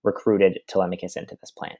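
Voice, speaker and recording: A man's voice: deep voice, little pitch movement, fast talker, warm tone, no room sound. Teacher type, young man, reads then paraphrases loosely, chatty filler-laden explanations. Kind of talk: reading aloud and explaining a text.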